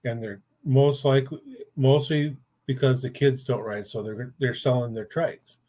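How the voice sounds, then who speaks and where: A man's voice: mid-range voice, steady tone, moderate pace, mellow. An older man, a grandfather, hosting a casual chat show and telling rambling stories in a blunt, profane way. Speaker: podcast host.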